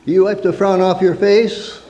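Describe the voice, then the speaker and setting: A man's voice: sits high, level tone, a little slow, mellow, lo-fi sound. A man who works as a counselor, giving a humorous sermon-style talk with stories and rhetorical questions. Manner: storytelling, rhetorical questions, mock-angry asides. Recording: reverberant hall.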